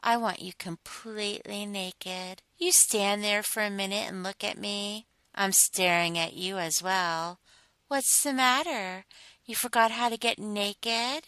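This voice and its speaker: Slow, teasing woman narrator, bright voice. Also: mid-range voice, fairly even intonation, no echo. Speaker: adult audio narrator. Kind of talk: second-person role-play narration.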